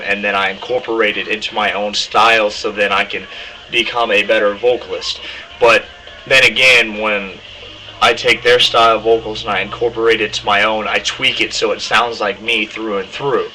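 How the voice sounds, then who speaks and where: Young guy rambling about screaming vocals, really bright sharp voice, faint hiss behind. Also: lowish voice, low-quality recording. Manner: rambling, many ums, demonstrates harsh screams. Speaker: vocalist teaching screaming technique. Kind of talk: casual vocal tutorial.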